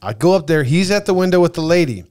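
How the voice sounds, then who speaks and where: A man's voice: fairly high pitch, quick pace. A man telling a travel story on a podcast in casual chat, swearing often and acting out the people he met. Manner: animated, profane, acts out dialogue. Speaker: podcast guest.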